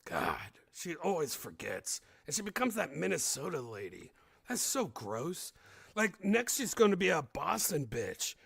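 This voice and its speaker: A middle-aged man hosting a casual comedy podcast, rambling and crude in an animated way. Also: high-pitched, normal speed, gravelly, breathy edge, no room sound. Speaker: podcast host.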